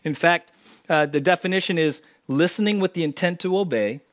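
Animated pastor preaching a sermon. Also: male voice, a little high, fairly quick. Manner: animated preaching, swinging between loud emphasis and quiet asides. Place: church sanctuary.

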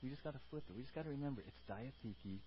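A man preaching a sermon as a pastor. He moves between loud, emphatic teaching and soft, quiet asides, and he calls out to the congregation for responses. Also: mid-range voice, rapid-fire, muffled recording, a little hiss or hum.

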